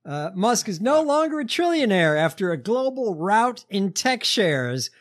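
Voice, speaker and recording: A man co-hosting a podcast, telling stories in a relaxed, sarcastic way with lots of fillers. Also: high voice, unhurried. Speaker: podcast co-host. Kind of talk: casual chat.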